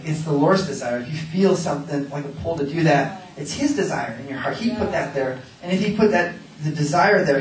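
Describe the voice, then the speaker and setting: A man preaching at a charismatic revival, giddy and laughing, breaking into shouts and nonsense chants. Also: on the high side, slight background noise. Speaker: traveling minister. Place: large hall at a revival event. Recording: echoey hall, voice from far off.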